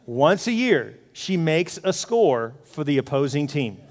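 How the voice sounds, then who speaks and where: A middle-aged man preaching a sermon in a lively, animated way, acting out his own inner voice. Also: on the high side, a little slow. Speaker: pastor. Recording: long hall reverb.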